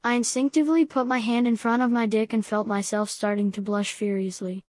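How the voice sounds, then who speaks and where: A woman's voice: on the high side, steady tone, brisk, a little mellow, dry recording. Woman reading a story aloud, dry sound. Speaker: audiobook reader. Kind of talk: first-person story narration.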